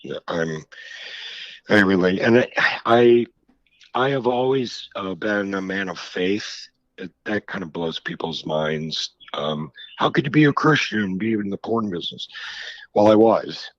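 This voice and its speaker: A middle-aged man speaks slowly in a low, deep voice, recounting his life frankly and reflectively, often restarting his sentences. The sound is dry and a bit dull, like lo-fi audio. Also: lively intonation, dry recording. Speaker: author guest. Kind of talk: candid interview conversation.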